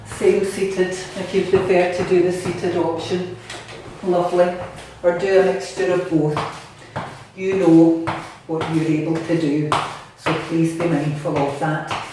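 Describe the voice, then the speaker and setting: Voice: mid-range voice, little pitch movement, a little slow, background noise. Cheery Scottish exercise coach, a touch out of breath, recorded from across a bare echoey bathroom. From Scotland. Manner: cheery, encouraging, chatty. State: slightly out of breath. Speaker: fitness instructor. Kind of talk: guided home exercise class. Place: bathroom at home. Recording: echoey room, mic at a distance.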